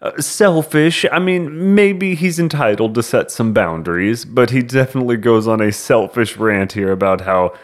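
A man's voice: medium pitch, normal speed, hardly any pauses. A man co-hosting a podcast in casual chat, joking at his own expense and laughing often. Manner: jokey, self-deprecating, laughs often. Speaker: podcast co-host.

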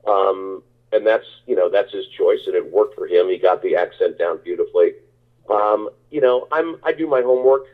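A man with a very low, husky voice answers interview questions. He rambles, circles back and restarts his sentences. The sound is narrow and tinny, like a phone line. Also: moderate pace. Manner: rambling, many restarts and fillers. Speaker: actor guest.

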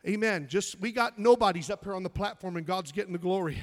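Preaching fervently at a moderate pace, a middle-aged man with a high-sitting voice ranges from loud exclamation to gentle, nearly whispered narration, repeating words in moments of feeling.

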